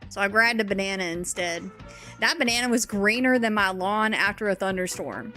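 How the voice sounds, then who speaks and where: A woman's voice: mid-range voice, moderate pace, sharp tone, soft background music, natural voice. A woman voicing a folksy, exasperated Southern storyteller with a put-on American Southern accent, reading a comic story in an exaggerated drawl.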